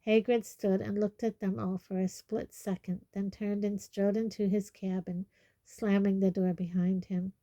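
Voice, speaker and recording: A woman reads a storybook chapter aloud in a measured, expressive way. Her voice is warm and dark, and the recording is dry with no room sound. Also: medium pitch, dry recording. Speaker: audiobook reader. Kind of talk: storybook narration.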